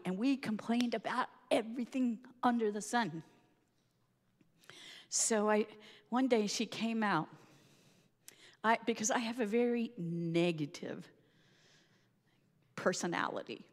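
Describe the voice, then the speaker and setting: Brief: animated woman storyteller, self-deprecating, laughs a lot, hall reverb. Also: on the high side, unhurried, pauses often. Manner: lively, self-mocking, laughs often. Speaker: speaker telling a personal story.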